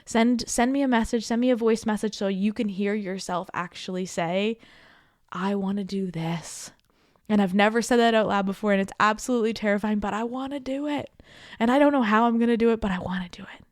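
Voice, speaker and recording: A woman's voice: fairly high pitch, steady tone, fast, no echo, studio quality. A woman in her thirties hosting a casual podcast as a coach, encouraging and chatty, often checking in with "okay?" and "right?". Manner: chatty with laughs and asides. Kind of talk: casual heartfelt podcast talk.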